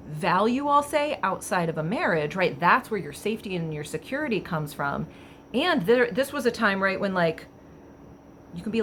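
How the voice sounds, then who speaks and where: A woman casually reading passages aloud and commenting on them with wry amusement, thinking out loud with fillers. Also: on the low side, a little hiss or hum. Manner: wry, chatty, laughs at the text. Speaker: vlogger.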